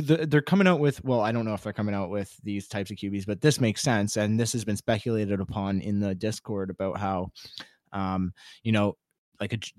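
A man co-hosting a casual gaming chat, talking in a relaxed, rambling way full of fillers. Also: fairly low pitch, dry recording, studio quality. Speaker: podcast co-host.

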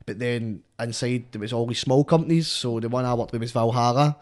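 A man's voice: medium pitch, steady tone, brisk. A young man with a Glasgow Scottish accent, rambling and swearing in casual chat, with "mate" after nearly every phrase. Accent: Glaswegian Scottish. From Scotland. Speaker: guest rapper.

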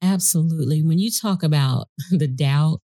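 A woman's voice: sits low, normal speed, dark tone, no room sound. A woman guest on a podcast, a voice actor and vocal coach, speaking emphatically and affirming as she quotes scripture. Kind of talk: casual podcast conversation.

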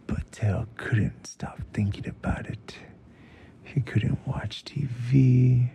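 Brief: male bedtime narrator, hushed and half-whispered, slow, very gravelly. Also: mid-range voice. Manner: hushed, often whispering, mixes in Spanish phrases. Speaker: storyteller host. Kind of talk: soft bedtime storytelling.

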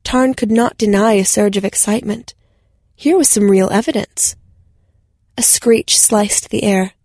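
A woman narrating a science fiction story in a steady, measured audiobook style. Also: mid-range voice, no room sound, clean studio sound.

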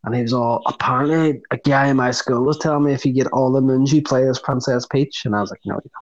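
A man co-hosting a podcast, rambling and quick to laugh in casual chat. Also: medium pitch, steady tone. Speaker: podcast co-host. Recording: dull lo-fi sound.

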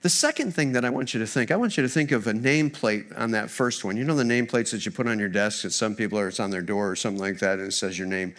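A man preaching a sermon in a church as a guest speaker, a former missionary who tells funny stories in an animated way. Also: on the low side, quick pace, hardly any pauses. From United States. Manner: storytelling, humorous and animated.

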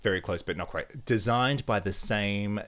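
A man's voice: lowish voice, moderate pace, a crowd in the background. A man co-hosting a podcast, chatting casually and reading out a quiz in a playful, teasing way. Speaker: podcast co-host.

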